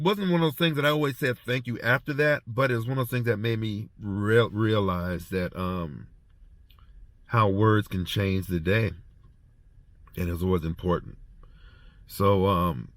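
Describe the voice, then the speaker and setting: Here a former prison officer's mid-range, fairly bright voice comes through with no room sound. Heading home after treatment, he reflects casually, telling stories in a halting way and repeating words.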